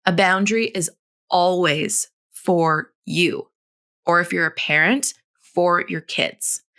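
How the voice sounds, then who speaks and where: A woman in her thirties hosting a solo podcast, coaching in a blunt, frank and animated way, swearing casually and laughing often. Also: on the low side, slow. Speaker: podcast host.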